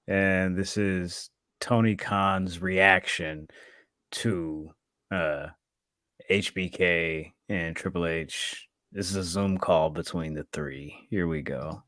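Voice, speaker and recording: A man's voice: sits low, takes it slowly, fairly bright tone, no echo, clean studio sound. A male podcast co-host in laid-back casual chat.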